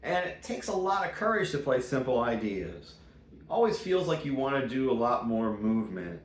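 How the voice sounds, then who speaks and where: A man's voice: medium pitch, very animated, moderate pace. A man teaching jazz guitar in a casual, chatty way, full of puns and playful asides. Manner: playful, punny, chatty asides between examples. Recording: roomy sound with loud guitar playing.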